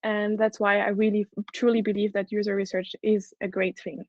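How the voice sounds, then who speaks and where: A woman's voice: mid-range voice, little pitch movement, moderate pace, a little mellow, no echo. French-accented woman giving a talk. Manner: enthusiastic, earnest, with frequent restarts. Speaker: head of product, conference speaker. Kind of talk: conference talk. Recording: dull, dry lo-fi recording.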